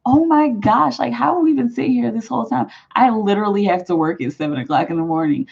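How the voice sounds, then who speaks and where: A woman's voice: on the high side, gravelly, a little mellow, breathy edge. A woman hosting a live tarot stream, chatting casually and rambling as she reads out viewers' comments. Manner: rambling, chatty, lots of "like" fillers and quick laughs. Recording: muffled lo-fi live-stream audio.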